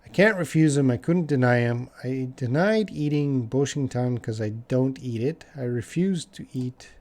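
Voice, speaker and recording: A man's voice: mid-range voice, a little mellow. Casual male English teacher from Canada. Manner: casual, thinks aloud, repeats phrases slowly for learners. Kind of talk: live-stream lesson answering chat questions.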